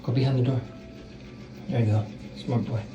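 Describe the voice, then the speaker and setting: A man's voice: mid-range voice, steady tone, normal speed, lo-fi sound. A man filming at home, talking to his pets in a playful, teasing way, like he would to kids. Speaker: pet owner filming at home. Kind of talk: casual home video chat. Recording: noisy home video.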